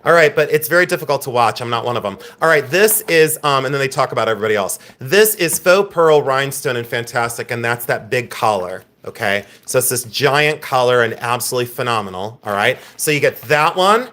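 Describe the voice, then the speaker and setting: A man's voice: medium pitch, expressive, fairly quick, few pauses, fairly bright tone. A man hosting a live-streamed jewelry auction, chatting and joking as he shows each lot. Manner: joking, chatty, self-mocking. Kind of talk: live-stream sales patter.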